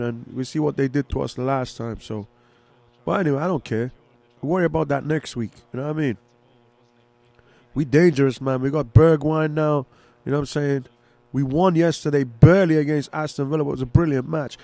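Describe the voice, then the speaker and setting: Cheering for one side, this fan offers loose, running commentary on a live football game, talking eagerly and with plenty of excitement. His pitch leans high, and the recording sounds dry.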